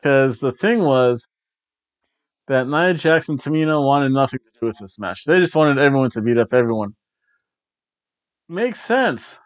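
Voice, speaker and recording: A man's voice: medium pitch, expressive, moderate pace, pauses often, dry recording, lo-fi sound. A man hosting a casual spoken review. He rambles, corrects himself and chuckles often. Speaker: host of a wrestling review show.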